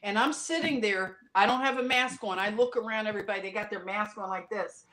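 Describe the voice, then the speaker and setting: Impassioned woman telling a story. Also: mid-range voice. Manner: impassioned, animated storytelling with sudden loud outbursts; talks in quick runs with many restarts and fillers. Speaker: podcast guest. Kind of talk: casual podcast conversation.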